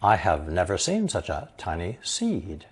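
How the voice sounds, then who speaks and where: A man narrating a scripted language lesson, explaining slowly and carefully and reading example sentences aloud. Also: deep voice, wildly swooping pitch, slightly rough. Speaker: language teacher.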